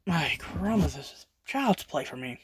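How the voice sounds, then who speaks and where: A storyteller voicing a cocky young male student who speaks in a flat, deadpan way. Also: medium pitch, measured pace, a little hiss or hum, close to an everyday voice.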